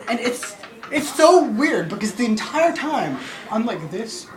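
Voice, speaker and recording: A man telling a funny story in animated comic style, often laughing as he goes. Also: very high voice, low-quality recording. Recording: family laughing in the room.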